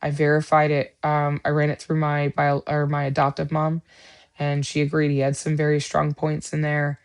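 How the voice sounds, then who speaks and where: A woman's voice: deep voice, completely flat delivery, normal speed, clean tone. A middle-aged woman hosting a livestream Bible study, talking in an earnest, rambling casual chat with many fillers.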